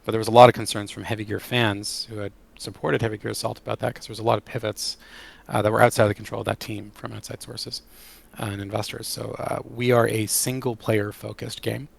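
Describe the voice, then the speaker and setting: Gravelly low-voiced man, enthusiastic. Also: fast talker. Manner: enthusiastic and animated. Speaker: game creative director. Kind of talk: casual interview answers.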